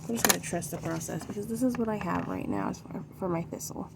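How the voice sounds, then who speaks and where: A woman's voice: medium pitch, fast, creaky. A middle-aged woman vlogging as she paints, rambling and hesitant, trailing off, sounding tired. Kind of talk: casual rambling chat while painting. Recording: noisy background ambience.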